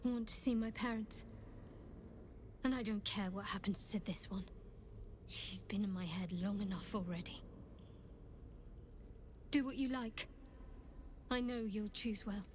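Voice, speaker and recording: A woman plays a resolute young cleric in a fantasy game who talks in a soft, measured way. Her voice sits mid-height and she takes her time over every word, unhurried and settled. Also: medium pitch, a little hiss or hum, lightly acted. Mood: resolved. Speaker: game character.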